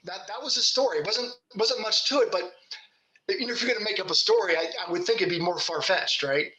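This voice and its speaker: Guy from kentucky spinning folksy stories, high bright voice, roomy echo. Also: quick pace, a crowd in the background. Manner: folksy, laughs while telling stories. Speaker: Bigfoot researcher guest. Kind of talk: casual storytelling.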